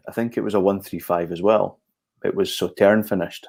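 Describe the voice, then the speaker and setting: A man's voice: low-pitched, a little fast, gravelly, breathy edge. A man co-hosting a live whisky tasting, chatting casually and answering viewers' comments. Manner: relaxed, chatty co-host reading out viewer comments. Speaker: whisky society ambassador.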